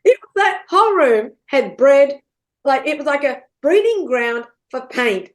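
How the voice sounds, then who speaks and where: A middle-aged woman, a podcast guest telling stories in an animated, chatty way, swearing freely and laughing often. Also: measured pace. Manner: swears freely, laughs often, big swings in pitch and loudness. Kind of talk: animated storytelling chat.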